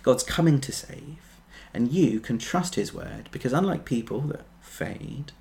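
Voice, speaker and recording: A man preaching a sermon, earnest, building to emphatic peaks and then dropping soft. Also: medium pitch, expressive, a little slow, gravelly.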